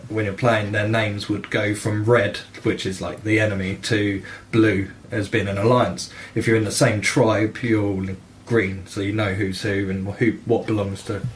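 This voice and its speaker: A man hosting a gaming podcast, telling game stories in a sweary, animated way and acting out the dialogue. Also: fairly low pitch, normal speed, hardly any pauses, a little hiss or hum. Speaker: podcast host. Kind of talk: casual gaming chat.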